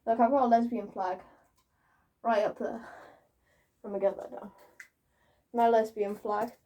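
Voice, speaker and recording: A woman's voice: on the high side, fairly even intonation, unhurried, warm tone. Rambling self-mocking young woman. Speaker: YouTuber. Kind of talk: casual vlog monologue. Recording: voice a bit far from the mic.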